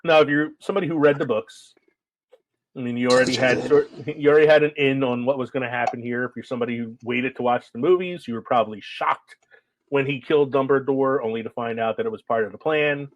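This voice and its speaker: A man's voice: mid-range voice, quick pace, no echo, lo-fi sound. A man co-hosting a casual film podcast, laughing often and chatting loosely. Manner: laughs often, puts on quoted voices. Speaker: podcast co-host. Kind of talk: casual chat.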